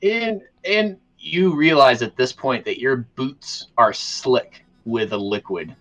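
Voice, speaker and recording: A man running a tabletop role-playing game as game master, narrating scenes in a descriptive, relaxed way with frequent fillers. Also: mid-range voice, measured pace.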